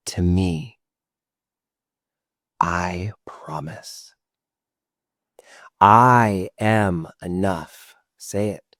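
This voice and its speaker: A man speaking affirmations in a slow, soft, unvoiced whisper as whispered role-play. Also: low voice, no room sound, clean studio sound.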